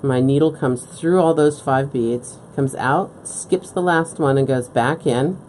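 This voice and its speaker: A woman's voice: extremely low pitch, measured pace, a little mellow, a little hiss or hum. A woman beading instructor on a live craft stream, explaining each step patiently and often checking in with "okay?". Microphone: live-stream setup at a work table.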